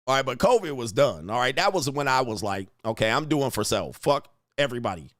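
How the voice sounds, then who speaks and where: A man's voice: medium pitch, brisk, no room sound. A middle-aged man rants on his livestream, swearing freely and leaning on slang, his voice swinging widely up and down as he gets worked up. The sound is dry and close, with no room in it. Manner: profane, animated ranting with frequent laughs and slang. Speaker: livestream host answering superchats. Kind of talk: casual livestream rant.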